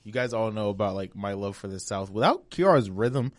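A man's voice: on the low side, expressive, a little fast, no echo. A young man co-hosting a casual podcast, playful and laughing with friends. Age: young adult. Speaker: podcast co-host. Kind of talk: casual chat.

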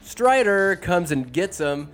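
A man talking through a fantasy movie in a loose, joking recap, his voice sitting a little high. He jumps between wry asides and bursts of excitement, tossing in quick character voices. Faint music plays under his talk. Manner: animated and sarcastic, puts on quick voices for characters. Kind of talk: casual comedic movie recap. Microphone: phone or desk mic, recording alone.

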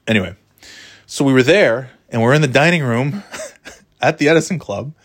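Animated man telling a story, laughing. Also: mid-range voice, moderate pace. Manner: animated, laughs often, acts out the dialogue. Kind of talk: casual anecdote.

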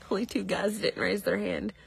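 A woman's voice: mid-range voice, steady tone, moderate pace, vocal fry, slightly rough. A woman co-hosting a podcast, telling stories in casual chat and laughing often. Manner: laughing storyteller. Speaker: podcast co-host.

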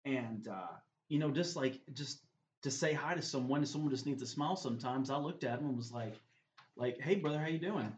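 A man's voice: medium pitch, a little fast. A man telling a faith story as a guest, earnest and full of "man" fillers. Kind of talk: faith testimony in conversation. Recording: roomy, slightly dull recording.

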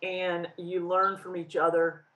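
A woman's voice: fairly low pitch, level tone, unhurried, a bit bright, rough recording. A woman co-hosting a casual chat, speaking in a reflective, searching way. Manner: reflective, many fillers and restarts. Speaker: podcast co-host.

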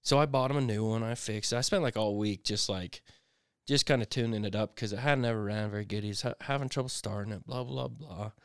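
A middle-aged man co-hosting a podcast, telling a rambling, animated story in casual chat, full of restarts and sound effects, on a close mic. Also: on the low side, fairly quick, smooth, dry recording. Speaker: podcast co-host.

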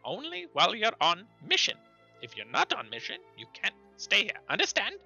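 Squeaky fussy gnome. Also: male voice, wildly swooping pitch, gravelly, bright, forceful tone, breathy edge, dull audio, soft background music, full character voice. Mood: brisk. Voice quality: high squeaky. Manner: hurried, stammering. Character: nervous fussy little male gnome messenger.

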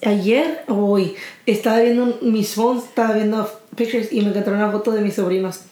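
A woman's voice: medium pitch, fairly even intonation, fast, dark tone. A young woman co-hosting a podcast in casual chat, talking freely and switching between English and Spanish. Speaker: podcast co-host. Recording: roomy echo.

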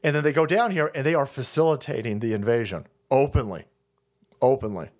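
A man's voice: medium pitch, brisk. A man hosting a stream, delivering a profane, sarcastic rant of political commentary. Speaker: streamer host.

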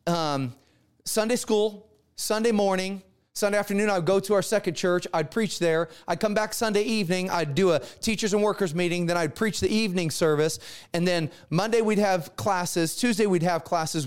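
Brief: middle-aged man, pastor, high-pitched voice, animated storytelling sermon. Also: a little fast, smooth. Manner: animated storyteller acting out dialogue.

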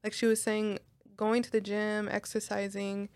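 A woman tattoo artist co-hosting a casual podcast, talking in a relaxed, candid way. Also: mid-range voice, normal speed. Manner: relaxed, candid, says "like" often. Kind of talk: casual chat.

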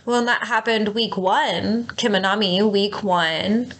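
A woman's voice: medium pitch, a little slow, a bit bright. A young adult woman co-hosting a podcast with her husband, talking openly and emotionally with many fillers. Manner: open, emotional, heavy on filler words. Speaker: podcast co-host. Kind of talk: intimate couple's podcast chat.

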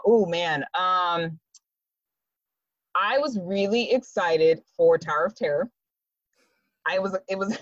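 A woman in her thirties, a podcast guest in casual chat, tells animated stories and laughs often. Her medium-pitched voice comes through a dry recording with dull audio.

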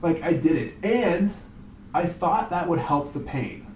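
A man's voice: fairly high pitch, lively intonation, darkish tone, roomy sound, distant mic, a little hiss or hum, rough recording. Reflective man heard from off-mic. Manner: reflective, searching, halting. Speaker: podcast co-host. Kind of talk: casual chat.

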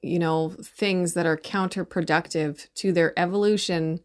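A woman's voice: on the low side, fairly even intonation, measured pace. A middle-aged woman talking in a rambling, opinionated monologue, often tagging her points with "right?". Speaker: commentator on parenting. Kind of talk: casual monologue.

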